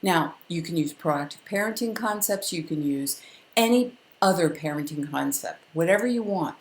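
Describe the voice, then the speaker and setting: Older lady giving a parenting lesson, calm and firm, lowish voice, echoey room. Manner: calm, firm and instructive, with deliberate pauses. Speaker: parenting educator. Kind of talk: direct-to-camera parenting lesson.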